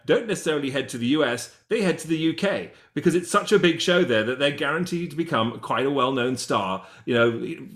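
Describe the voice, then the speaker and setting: A man's voice: mid-range voice, a bit bright. A middle-aged man with an English accent, hosting a playful, chatty interview over a video call. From England. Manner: chatty, playful, self-mocking. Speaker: interview host.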